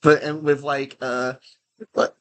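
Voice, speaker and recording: Rambling man with a bright voice. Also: mid-range voice, little pitch movement, slow, a little hiss or hum. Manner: rambling, many restarts and fillers. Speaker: game streamer. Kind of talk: casual commentary while playing.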